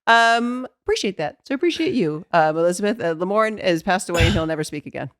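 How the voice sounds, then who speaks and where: A woman's voice: medium pitch, lively intonation, quick pace, no room sound, studio quality. A woman co-hosting a casual chat podcast, chatty and teasing, laughing often. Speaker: podcast co-host.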